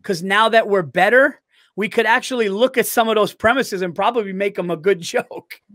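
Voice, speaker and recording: High-voiced man telling rambling stories. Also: moderate pace, fairly bright tone, no echo, clean studio sound. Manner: rambling storyteller who laughs at his own old jokes. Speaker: stand-up comedian. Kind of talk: casual podcast chat.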